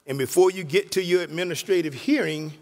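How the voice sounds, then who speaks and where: A man giving a speech on the floor of a legislative chamber as a state senator, halting, with many fillers and restarts. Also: high voice, a little mellow. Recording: long hall reverb.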